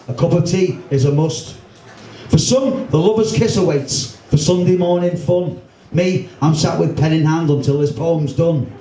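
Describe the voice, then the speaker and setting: Liverpool poet reciting comic rhymes live, slightly high voice, recorded from a distance in a reverberant room. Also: male voice, mellow. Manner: rhythmic, rhyming delivery with wry humour. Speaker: poet and performer. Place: pub function room. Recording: echoey room, distant mic, faint hum.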